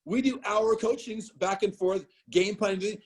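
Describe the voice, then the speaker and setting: A man from Idaho, a business owner giving an animated motivational training talk on a video call, telling stories straight to his team. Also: sits high, measured pace. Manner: storytelling, animated, talks straight to the audience.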